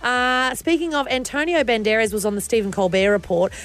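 A woman's voice: fairly high pitch, steady tone, brisk, fairly bright tone. An Australian woman co-hosting breakfast radio, chatty and bubbly as she reads out news items. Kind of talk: morning radio banter. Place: radio studio.

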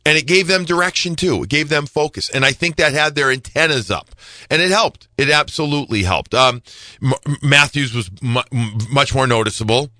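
A man's voice: medium pitch, brisk, sharp tone, no echo. A man giving hockey analysis on a podcast, emphatic and repeating himself to stress a point. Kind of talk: podcast sports talk.

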